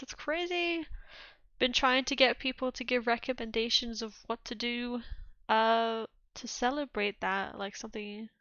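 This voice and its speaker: A woman's voice: fairly high pitch, creaky, a bit bright, no echo, dull audio. A European woman streaming a game, chatting casually, laughing often and reading chat aloud.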